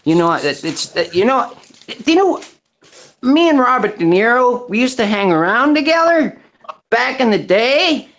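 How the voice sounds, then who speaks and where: A man's voice: extremely high pitch, sing-song, moderate pace, fairly bright tone, lo-fi sound, pitched above the performer's own voice, heavily acted. A man putting on a mock American accent, rambling and boastful. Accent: put-on American.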